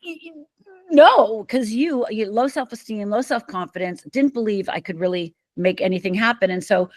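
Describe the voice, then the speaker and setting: A woman's voice: medium pitch, a little fast, dry recording. A middle-aged woman from Upper Michigan, a podcast guest telling her story emphatically and acting out the voices in it. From Upper Michigan, USA. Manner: vivid, emphatic storyteller who acts out quoted lines. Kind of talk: storytelling in an interview.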